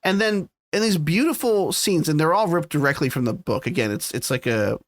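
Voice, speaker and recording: Podcast co-host, male, casual and animated, swears freely, dry close mic. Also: on the high side, fairly quick, dry recording. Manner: animated, swearing, retells scenes. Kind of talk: casual chat.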